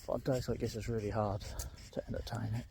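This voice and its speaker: A middle-aged vlogger speaks fast in a lowish, dark voice with little pitch movement, and a little hiss or hum. Limping and hurting as he walks his dog outdoors, he talks candidly and ramblingly into an earbud mic, dropping frequent ums.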